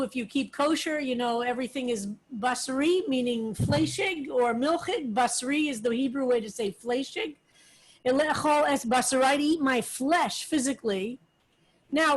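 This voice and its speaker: A woman rabbi leading a text study, explaining words slowly with many pauses and fillers. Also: sits high, rough recording. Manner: slow, explanatory, with frequent fillers. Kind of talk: relaxed Hebrew text lesson.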